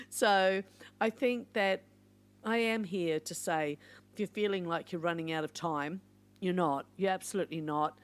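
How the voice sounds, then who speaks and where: An older woman talks through a casual podcast monologue. Her voice sits a little low. She is warm in an encouraging way and wanders into playful asides. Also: normal speed. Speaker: podcast host.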